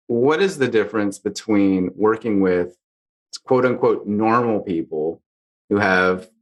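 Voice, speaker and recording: A man hosting a podcast interview, asking measured, thoughtful questions. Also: low voice. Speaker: podcast host.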